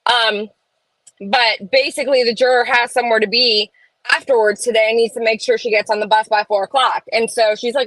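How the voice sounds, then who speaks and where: Casting: woman, slightly high voice, chatty live-stream host, dry close sound. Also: steady tone, brisk, a bit bright, no echo, poor audio. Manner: chatty, reads chat aloud, opinionated asides. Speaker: livestream host. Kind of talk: casual live-stream chat. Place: home room.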